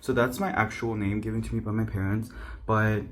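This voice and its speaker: Young man vlogging, low voice, faint room hum, chatty self-mocking story. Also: level tone, brisk. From South Korea. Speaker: YouTuber. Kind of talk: casual storytelling to camera.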